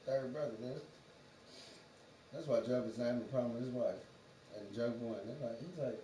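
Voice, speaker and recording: A man's voice: medium pitch, moderate pace, pauses often, mellow. A man on a livestream, rambling through a profane, free-associating monologue and laughing often. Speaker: livestream host. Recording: roomy, distant from the mic, faint background noise.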